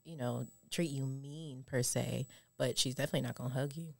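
A woman's voice: a bass voice, fairly even intonation, brisk, gravelly, a little mellow, dry recording, studio quality. A woman from Compton telling candid personal stories in a casual podcast chat. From Compton, California. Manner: candid, storytelling with acted-out quotes.

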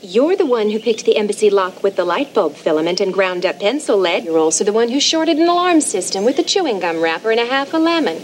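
A woman's voice: medium pitch, big pitch swings, quick pace, hardly any pauses, a little hiss or hum, natural voice. An actress playing a boastful woman agent in an 1980s TV drama, demanding and impatient.

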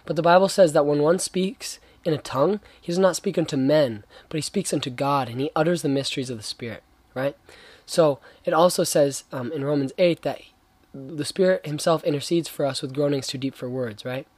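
A man's voice: fairly high pitch, brisk, a little mellow, breathy edge, dry recording. A young man giving a casual, earnest faith talk, rambling with slang and many restarts. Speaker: young Christian speaker.

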